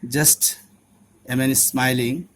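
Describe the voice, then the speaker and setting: Very slow male teacher. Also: mid-range voice, level tone, fairly bright tone. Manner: deliberate, repeats sounds and words one by one. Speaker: English pronunciation teacher. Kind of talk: instructional lesson.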